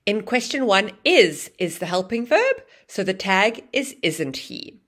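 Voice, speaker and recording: A woman teaching an English grammar lesson, explaining clearly and acting out example phrases with exaggerated rising and falling intonation. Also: medium pitch, sing-song, measured pace, a bit bright.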